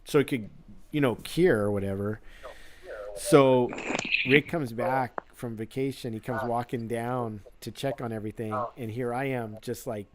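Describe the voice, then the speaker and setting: Male guest, mid-pitched, loose storyteller who stacks fillers and acts out quotes. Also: measured pace, slight background noise. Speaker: guest creature mask maker. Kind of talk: casual anecdote telling.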